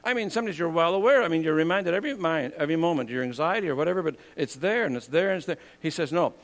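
An older man preaching a sermon, earnest and conversational, swinging from loud emphatic lines to quiet asides. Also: a little high, expressive, racing.

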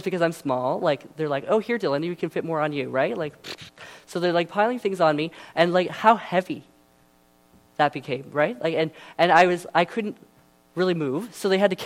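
A young man preaches in a loose, conversational way, peppering his story with fillers and asides. His voice sits a little above the usual male range. He keeps the retelling relaxed and chatty. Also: a little high, normal speed. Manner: casual and chatty, many fillers. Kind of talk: sermon.

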